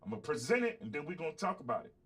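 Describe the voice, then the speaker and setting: Man, high-pitched, podcast host, heated, profane. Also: sing-song, racing, fairly bright tone, husky. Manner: heated, profane, talks to chat directly. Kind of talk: livestream commentary.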